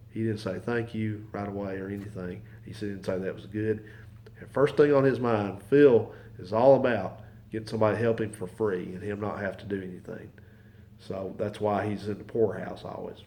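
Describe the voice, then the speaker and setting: A man's voice: on the low side, a little mellow. A man telling a long, folksy, rambling story in his home garage, repeating himself as he goes. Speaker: mechanic and channel host. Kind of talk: casual storytelling to camera.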